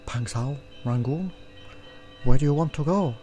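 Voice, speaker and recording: A man's voice: mid-range voice, unhurried, mellow, faint music behind, lightly acted. A man reading a curt, indifferent female cart driver in a story game, brusque and short.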